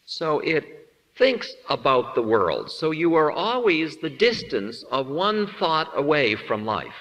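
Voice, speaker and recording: A man delivers a spiritual talk with a bright, ringing tone and a pitch that moves freely up and down. He is playful and self-mocking, and he acts out small scenes as he goes. His voice carries a long hall reverb. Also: very animated, takes it slowly. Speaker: spiritual teacher.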